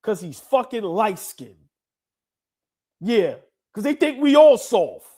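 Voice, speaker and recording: A man's voice: high voice, very animated, slow pace, mellow, husky. A man co-hosting a casual basketball talk show, emphatic and repetitive, his voice stuffy from congested sinuses. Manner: emphatic, repeats himself, calls sinuses bad. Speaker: co-host.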